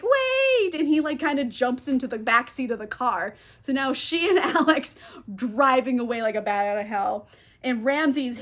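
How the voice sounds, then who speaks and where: Talk as a high-voiced woman recapping a novel casually, chatty, sprinkling "like". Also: fairly bright tone. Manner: chatty, fillers of "like", laughs often. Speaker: book reviewer.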